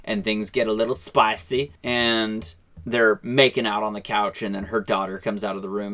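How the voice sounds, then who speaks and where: A man's voice: fairly low pitch, steady tone, normal speed, fairly bright tone. A man co-hosting a casual podcast, retelling movie scenes with laughter. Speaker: podcast co-host. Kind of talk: casual chat, film review.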